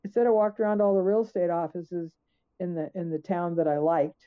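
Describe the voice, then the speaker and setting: A woman's voice: lowish voice, fairly quick, smooth. A woman guest author in conversational storytelling, emphatic, acting out her own questions. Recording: tinny phone-like line.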